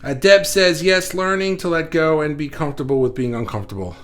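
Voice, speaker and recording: A man hosting a casual live stream, reading viewer comments aloud and thinking out loud with many restarts, recorded indoors under studio lights. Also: a little high, fairly quick. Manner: rambling, self-correcting, reflective. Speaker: livestream host. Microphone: facing camera, reading viewer comments.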